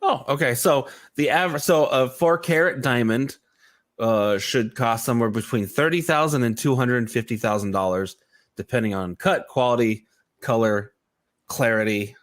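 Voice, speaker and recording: A man co-hosting a morning show, reading out odd news items and chatting, halting with many restarts. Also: medium pitch. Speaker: radio show co-host. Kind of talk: casual morning show banter.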